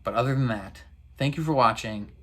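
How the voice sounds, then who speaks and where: A man's voice: mid-range voice, brisk. A young man hosting a reaction video, recapping an episode in a casual, rambling way full of "like" fillers.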